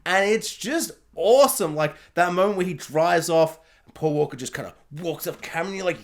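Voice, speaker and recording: A high-voiced young man gushes his way through a casual film review, rambling from point to point. He laughs often and mimics sound effects as he goes. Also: normal speed. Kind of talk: casual video review monologue.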